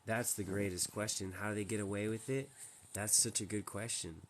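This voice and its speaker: A man with a lowish voice talks straight to his live-stream viewers from home. He rambles emphatically and restarts his sentences often. A faint hiss of background noise sits under his voice. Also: steady tone, a little fast. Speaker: livestream host. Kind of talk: casual live-stream chat.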